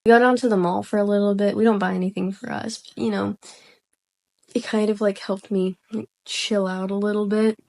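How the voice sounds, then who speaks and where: A soft-spoken young woman casually telling a personal story, rambling and hesitant with lots of fillers. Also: mid-range voice, little pitch movement, a little fast, creaky. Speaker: vlogger.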